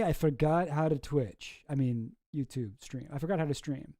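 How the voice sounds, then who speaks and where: A man's voice: mid-range voice, normal speed, creaky, hardly any pauses, warm tone, no room sound, studio quality. A man chatting casually on a livestream in a rambling, offhand way that often trails off. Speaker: streamer and video creator.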